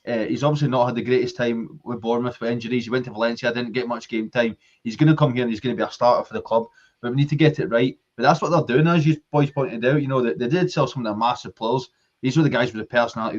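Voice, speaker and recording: A man's voice: medium pitch, steady tone, fast talker, dull audio. A man with a Scottish accent, co-hosting a casual football fan podcast, arguing his point passionately in long runs. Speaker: podcast co-host.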